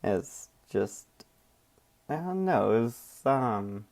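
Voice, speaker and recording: A man's voice: medium pitch, expressive, very slow, gravelly, darkish tone. A man hosting and commenting, speaking frankly and reflectively. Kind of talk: casual commentary.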